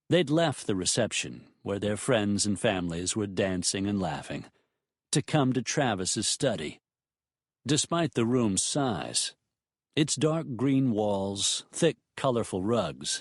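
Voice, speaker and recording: A man narrating a romance audiobook in a measured, expressive storytelling manner. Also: on the low side, breathy edge, no room sound, studio quality.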